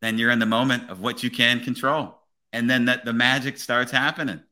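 A police officer hosting a podcast, talking in an earnest, motivational way and often checking in with "right?". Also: male voice, medium pitch, little pitch movement, a little fast, pushed and bright. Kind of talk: casual podcast conversation.

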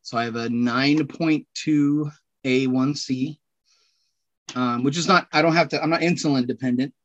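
A man with a Californian accent, talking casually as a podcast guest in an animated, rambling way with loud bursts. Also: mid-range voice, moderate pace, highs cut off. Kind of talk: casual conversation.

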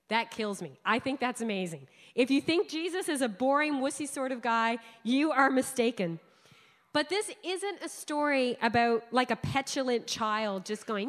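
A woman delivers a sermon in a chatty, emphatic way, her voice sitting a little high. Long reverb from a large hall trails behind her words. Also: moderate pace. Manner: conversational, animated, emphatic. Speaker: preacher.

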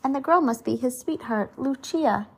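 A woman reading aloud and giving a gentle voice to a proper, fussing mother. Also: high voice, normal speed, husky, voice pushed up. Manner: polite, fussing. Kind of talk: storybook read-aloud.

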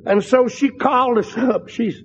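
An older man preaching a sermon with fervent, drawn-out emphatic phrases. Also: extremely high pitch, slight background noise. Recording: dull lo-fi sound in a large reverberant hall.

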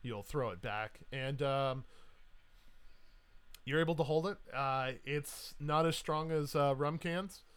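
A man narrating a tabletop game as game master, in a casual, lively way full of fillers. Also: a little high, takes it slowly, smooth.

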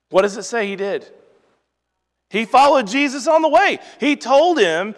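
A man hosting a Bible teaching podcast, reading scripture aloud and then explaining it in a relaxed, conversational way. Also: sits high, moderate pace. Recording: long reverberant hall sound.

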